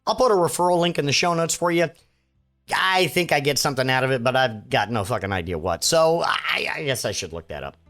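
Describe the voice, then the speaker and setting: A man's voice: medium pitch, lively intonation, a little fast, a bit bright. A man hosting a comedy podcast, talking in a loose, offhand way with profane asides. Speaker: podcast host. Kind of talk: casual comedic podcast sign-off.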